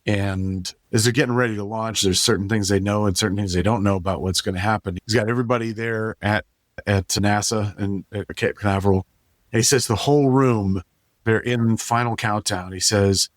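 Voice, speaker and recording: Male podcast co-host, low voice, thoughtful, halting delivery, dry close mic. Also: no room sound. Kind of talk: casual chat.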